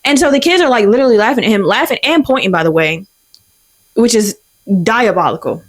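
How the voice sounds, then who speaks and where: A young woman in her twenties hosting a podcast, telling a story in a profane, exasperated, animated way. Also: fairly high pitch, brisk. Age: 20s. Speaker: podcast host. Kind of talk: casual storytelling rant.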